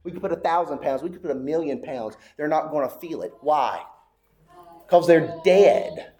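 A man's voice: a little high, animated, moderate pace, warm tone. A man preaching a sermon with an emphatic, repetitive cadence, apparently in a church sanctuary.

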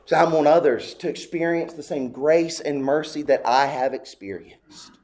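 A male pastor delivering a sermon, with an impassioned, repetitive cadence and a voice that climbs high on heartfelt pleas. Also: moderate pace, a little mellow.

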